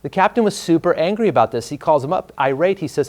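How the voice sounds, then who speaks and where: Man telling a teaching story, higher-pitched. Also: expressive, fast, hardly any pauses, darkish tone. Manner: storytelling, conversational with fillers. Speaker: trainer. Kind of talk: live workshop teaching. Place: training room before a class.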